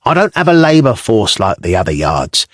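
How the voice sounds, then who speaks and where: A man's voice: fairly low pitch, very animated, moderate pace, no echo, clean studio sound. A male narrator voicing a small, testy shipwright who speaks with scorn in an audiobook. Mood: scornful. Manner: scornful, spitting.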